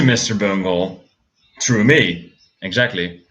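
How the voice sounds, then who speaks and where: A man's voice: on the low side, normal speed, fairly bright tone, highs cut off. A man giving casual reaction commentary as a music reviewer, swearing freely, ranting and restarting his words often. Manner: profane, ranting, frequent stammered restarts.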